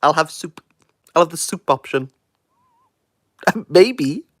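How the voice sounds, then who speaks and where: A Welsh man, a book reviewer, reacting live with excitable, jokey, self-mocking chat. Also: fairly high pitch, takes it slowly, no room sound, clean studio sound. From Wales.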